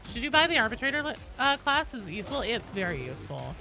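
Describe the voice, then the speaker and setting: A young woman talks casually on a gaming livestream, her pitch swooping in a lively way. She reads chat aloud, swears freely and breaks into excited squeals. Music plays clearly behind her voice. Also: fast talker. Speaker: streamer.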